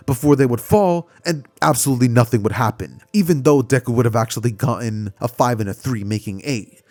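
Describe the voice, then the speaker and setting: A man casually retelling a fan-made story, animated and conversational, with frequent fillers. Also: mid-range voice, brisk, no room sound.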